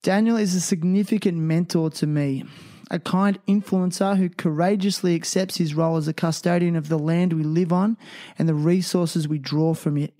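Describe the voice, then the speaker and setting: A man's voice: fairly high pitch, fairly even intonation, normal speed, warm tone. A man hosting a casual podcast, playful and teasing, reading sponsor ads with enthusiasm. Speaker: podcast host. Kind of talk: casual podcast chat with ad reads.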